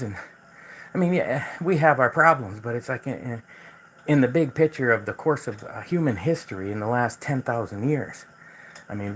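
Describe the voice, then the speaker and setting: A man's voice: medium pitch, fairly bright tone, a little hiss or hum, low-quality recording. A man hosting a casual livestream, talking in a loose, rambling way that is full of repeated words and restarts. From United States. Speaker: livestream host.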